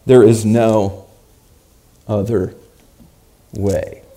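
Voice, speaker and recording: A man's voice: lowish voice, flat delivery, drawn-out words. Man preaching a dramatic sermon story. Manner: dramatic, rising to loud emphasis.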